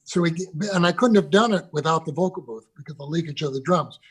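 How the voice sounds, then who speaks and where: A man's voice: fairly high pitch, fast, slightly rough. An older man, a guest on a video call interview, reminiscing about recording sessions with loose restarts. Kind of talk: conversational interview.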